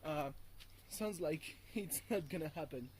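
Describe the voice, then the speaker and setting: High-voiced rambling man. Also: a little slow, a little mellow, slight background noise, poor audio. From France. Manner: rambling and profane, with many fillers and chuckles. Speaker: video blogger. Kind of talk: casual rambling vlog. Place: at home by a window on a hot morning.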